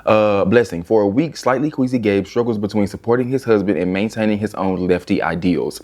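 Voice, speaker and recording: A young man reviewing books in a casual vlog, animated and exasperated, swearing freely as he rants. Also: lowish voice, fairly quick. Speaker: book reviewer.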